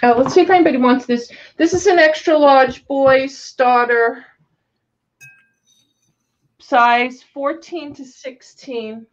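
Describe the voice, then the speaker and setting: Live-sale host, woman, chatty and easygoing, a bit high, muffled lo-fi audio. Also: slow pace. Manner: chatty, calls out viewers by name. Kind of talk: casual live-stream selling chat. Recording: dull lo-fi sound.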